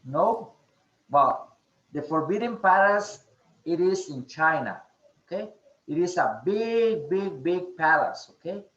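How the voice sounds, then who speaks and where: A man teaching an online English class, speaking slowly with many fillers and a repeated "okay?". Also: a little high, expressive, fairly bright tone, reverberant, lo-fi sound. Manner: slow, repeats "okay?" often, hesitant fillers.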